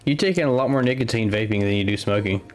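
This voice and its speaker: A man's voice: on the low side, quick pace, a little mellow. Man, stream co-host, casual and chatty, jokes easily. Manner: chatty, joking, open about his life. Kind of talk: casual live-stream commentary.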